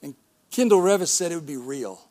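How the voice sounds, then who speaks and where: A man's voice: a little high, animated, a little fast, warm tone. A middle-aged male pastor preaching a sermon in a church, talking in a conversational way with rhetorical questions and calls of amen.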